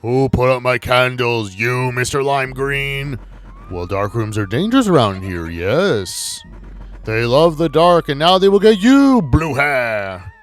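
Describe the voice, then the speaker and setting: A man putting on a gloating ghost from a game, slow and theatrical, his taunts louder than his normal voice, each word stretched out for drama. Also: mid-range voice, wildly swooping pitch. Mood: menacing taunts.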